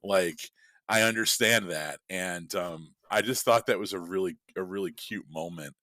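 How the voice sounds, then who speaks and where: Low-voiced man telling a casual story. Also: moderate pace, sharp tone, no room sound. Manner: profane, rambling storytelling. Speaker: podcast host. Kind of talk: casual chat.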